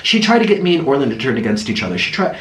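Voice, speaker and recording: A young man telling a lively story while eating, laughing often and acting it out. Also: mid-range voice, rapid-fire, echoey room, rough recording. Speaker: vlogger.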